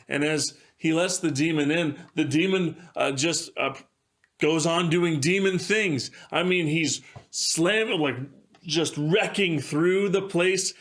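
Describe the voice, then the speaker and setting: A pastor telling a devotional story in a measured way, with occasional fillers. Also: male voice, a little high, fairly bright tone.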